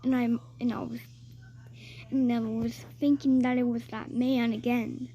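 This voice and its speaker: A woman's voice: fairly high pitch, level tone, measured pace, dark tone. A woman telling a rambling personal story in a chatty way, with fillers and restarts.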